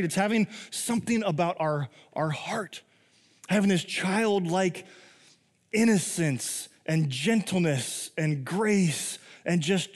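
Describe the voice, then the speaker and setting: A man's voice: sits high, big-room sound. A pastor in his thirties preaching a conversational sermon, often asking "right?" and acting out quotes. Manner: conversational, tag questions, lively acted quotes.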